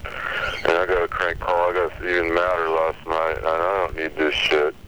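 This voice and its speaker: A man's voice: low-pitched, monotone, moderate pace, bright, forceful tone, slight background noise, low-quality recording. A man leaving aggrieved, self-pitying, rambling messages on an answering machine.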